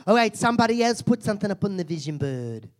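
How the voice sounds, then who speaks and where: A comedian plays a crude, foul-mouthed female self-help seminar guru in a live stand-up character act, a man putting her on in a voice pitched slightly higher than his usual. Brash in mood, he talks very fast and very animatedly, mocking and insulting the audience with theatrical scorn.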